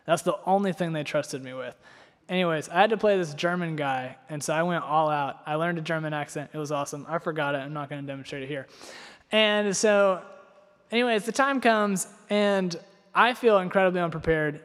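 A young man from North Carolina delivers a sermon full of personal stories. He rambles and pokes fun at himself, leaning on filler words. His voice sits a little high and rings out with long reverb across a church hall. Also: fairly quick, a bit bright. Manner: rambling, self-deprecating, heavy on filler words. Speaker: preacher.

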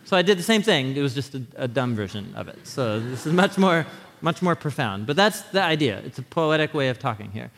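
A man's voice: mid-range voice, big pitch swings, fairly quick, gravelly, fairly bright tone, long reverb tail, a little hiss or hum. A man preaching a sermon in a conversational teaching manner, often checking in with his listeners. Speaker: pastor.

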